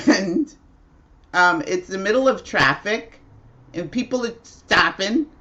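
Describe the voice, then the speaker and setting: A woman's voice: medium pitch, expressive, slow pace, a bit bright, dull audio. A woman hosting a casual livestream at home, telling a rambling story with frequent laughs. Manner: chatty, rambling, laughs often. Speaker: livestream host.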